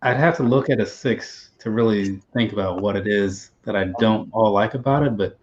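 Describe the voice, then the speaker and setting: A man's voice: lowish voice, normal speed, a little mellow. Laid back stream host guy, rambly, kinda muffled sound. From United States. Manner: easygoing, talks in hesitant, rambling bits. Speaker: livestream host. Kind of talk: casual livestream chat. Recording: dull lo-fi sound.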